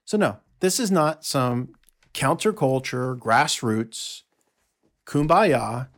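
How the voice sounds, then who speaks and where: A man hosting a solo audio monologue from his notes, talking in an emphatic, sarcastic way with quick asides. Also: medium pitch, very animated. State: out of breath. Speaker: podcast host.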